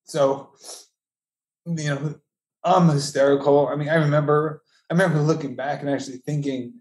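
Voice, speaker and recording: Bereaved man, halting personal testimony, breaking with emotion, dark voice, echoey room. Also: fairly high pitch, steady tone. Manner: halting, with many restarts and trailing phrases. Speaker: bereaved father telling his story.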